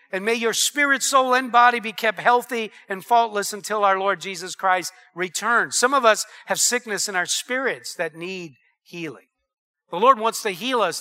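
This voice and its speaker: Man, pastor, high voice, very bright and forceful, energetic sermon storytelling. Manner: energetic storytelling preacher, rising to shouts.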